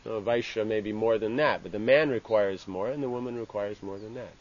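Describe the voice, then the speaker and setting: A man giving an informal scripture class. He speaks haltingly, restarting phrases and tagging lines with "you know". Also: fairly low pitch. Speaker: religious teacher. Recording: dull lo-fi with faint ambient hiss.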